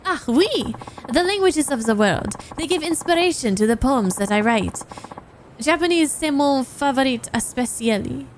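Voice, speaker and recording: A woman's voice: high-pitched, animated, normal speed, a little hiss or hum. A woman voicing a haughty, eccentric female pop superstar who speaks in grand, broken faux-French phrasing while reading game dialogue aloud. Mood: grandiose.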